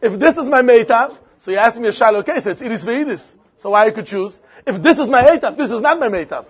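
A man with a Yiddish-inflected accent, giving a Talmud lesson in an animated, repetitive, sing-song way with many questions. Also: very high-pitched, fast, husky, muffled recording, a faint crowd. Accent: Yiddish-inflected English. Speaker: Talmud teacher.

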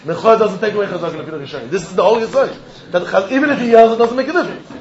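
Man, high voice, animated Talmud lecturer, questions and answers himself, dull lo-fi recording. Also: rapid-fire. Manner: animated, asks and answers his own questions, laughs often; mixes English with Yiddish and Hebrew terms. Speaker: Talmud teacher. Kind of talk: lively Talmud class lecture.

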